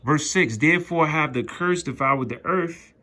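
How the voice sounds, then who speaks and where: A man teaching scripture in an informal, emphatic way, reading verses aloud and riffing on them in rough, profane slang. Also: on the high side, moderate pace, bright, forceful tone. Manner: reads scripture aloud then riffs on it. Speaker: street preacher.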